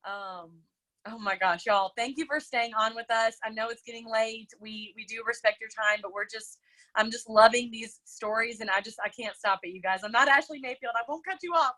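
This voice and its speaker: This is a woman hosting a motivational video call, emotional and gushing as she speaks to the group. Her voice sits slightly high and rings bright and clear. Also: normal speed, low-quality recording. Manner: effusive and emotional, addresses the group as y'all.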